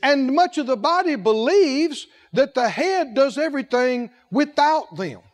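A male preacher with a strikingly high voice delivers a sermon. His pitch leaps and dips all the time, and his lively phrasing pushes the room with rhetorical questions. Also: unhurried.

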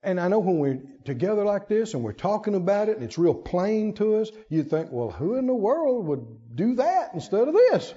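A man preaching a sermon, animated, acting out quotes and shouting at the peaks. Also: sits high, moderate pace, few pauses, slightly rough, dull audio.

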